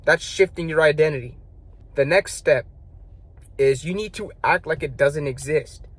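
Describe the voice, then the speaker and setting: Young man, casual advice monologue, blunt, profane, slangy, fairly high-pitched, dry close recording. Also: moderate pace, slightly rough, dry recording. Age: young adult. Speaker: self-improvement vlogger.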